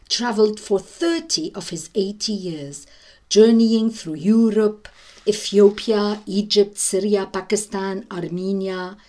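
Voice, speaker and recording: A woman hosting a radio show, telling traditional stories in an unhurried, expressive way. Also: mid-range voice. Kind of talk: storytelling radio talk.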